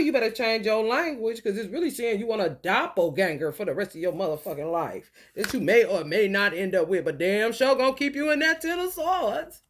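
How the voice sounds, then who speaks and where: A woman in a profane, confrontational spiritual monologue, swinging between low mutters and loud outbursts. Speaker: vlogger.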